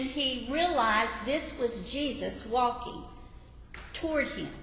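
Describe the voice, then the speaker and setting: A woman's voice: fairly high pitch, fairly bright tone. A middle-aged woman preaching an earnest sermon to a women's gathering, telling a Bible story dramatically. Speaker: women's ministry speaker. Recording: echoey hall from afar, faint room hum.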